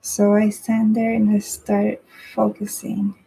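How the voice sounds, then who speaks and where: A woman's voice: medium pitch, completely flat delivery, slow pace, gravelly, warm tone, slight background noise, poor audio. A woman casually telling a personal story in a rambling way, swearing freely and often asking "right?".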